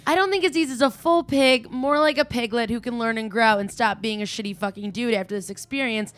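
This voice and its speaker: A woman with a somewhat high voice tears through a scripted comedic rant. She sounds brash, profane and cutting. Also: brisk, a bit bright, no room sound. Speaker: resident commentator.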